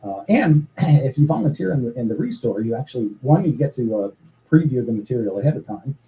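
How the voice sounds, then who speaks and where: A man talking earnestly as an interview guest about his charity's work, pausing often with fillers and restarts. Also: mid-range voice, sing-song, lo-fi sound. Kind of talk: casual interview talk.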